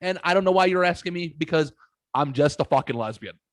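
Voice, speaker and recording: A woman's voice: low-pitched, lively intonation, fairly quick, pitched above the performer's own voice. A man imitating a blunt young woman who swears freely and shrugs off questions. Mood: exasperated.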